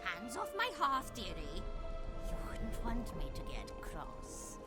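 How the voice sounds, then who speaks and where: A creepy old crone witch from a video game, slow and swooping, sugary threats about cooking ppl, game music behind. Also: mid-range voice, huge pitch swings. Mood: mock-sweet. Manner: sing-song, mock-sweet and threatening. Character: old hag witch, sweetly menacing, wants to cook travelers.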